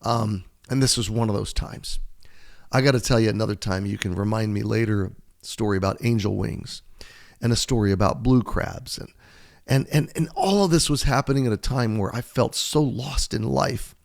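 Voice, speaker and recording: A man in his fifties, an American devotional Bible teacher, giving an earnest, heartfelt, unhurried talk and reading aloud. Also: lowish voice, gravelly. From United States. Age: 50s.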